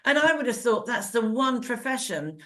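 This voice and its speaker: A woman's voice: a little high, moderate pace. Chatty older English woman. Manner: chatty, lively storyteller who laughs often. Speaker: co-host. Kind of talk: casual current-affairs chat.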